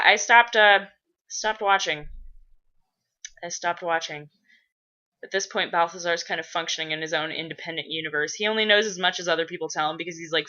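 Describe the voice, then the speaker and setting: A woman's voice: lowish voice, sharp tone. A woman chatting casually as a role-play blogger, rambling and swearing a lot. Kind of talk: casual chat. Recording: dull lo-fi recording.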